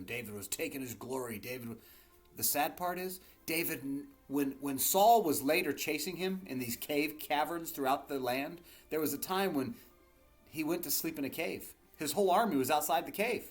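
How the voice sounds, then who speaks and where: A man preaching a sermon as a pastor, retelling stories in an animated, conversational way with asides to his listeners. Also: fairly high pitch. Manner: animated storytelling with asides to the congregation.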